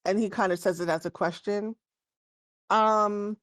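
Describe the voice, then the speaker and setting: A woman's voice: mid-range voice, normal speed, creaky, no room sound, studio quality. A woman narrating as game master in a casual tabletop session, talking loosely with frequent filler words. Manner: casual, relaxed, many fillers.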